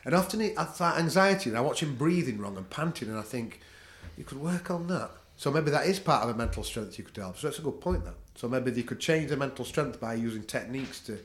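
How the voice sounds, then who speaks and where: A man's voice: mid-range voice, animated, fast, hardly any pauses. Blunt northern English man, roomy sound. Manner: blunt, swears freely, laughs at own stories. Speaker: podcast guest, jiu-jitsu practitioner. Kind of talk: casual chat. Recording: echoey room.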